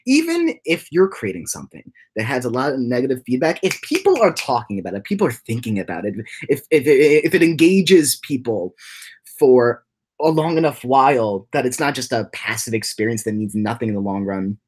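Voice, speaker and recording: Animated young man rambling on a livestream. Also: moderate pace. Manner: rambling, with many repeated words and restarts; swings often into high, giddy laughing bursts. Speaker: livestream host and animation creator. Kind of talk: casual livestream ramble, reading chat comments.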